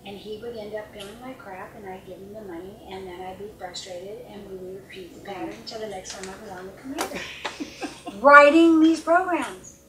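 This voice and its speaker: A middle-aged woman coaching at a seminar, earnest, often acting out short dialogues and sometimes dropping to a calm hush, recorded with a distant mic in an echoey conference room. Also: medium pitch, a little fast, crowd noise. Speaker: life coach speaker. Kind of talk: seminar talk.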